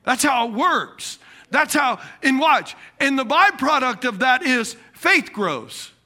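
A man preaching a sermon, animated, quoting imagined people and laughing at himself. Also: very high-pitched, takes it slowly. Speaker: pastor.

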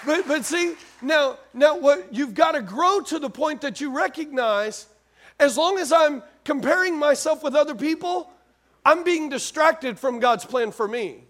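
A man's voice: extremely high pitch, lively intonation, measured pace, a bit bright, a faint crowd. A man preaching a sermon in a conversational way, repeating phrases and asking the congregation questions. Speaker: pastor.

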